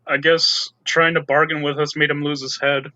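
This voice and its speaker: A man's voice: a little high, little pitch movement, moderate pace, sharp tone. A young man playing a tabletop game, joking around in casual slang. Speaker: player. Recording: muffled lo-fi audio.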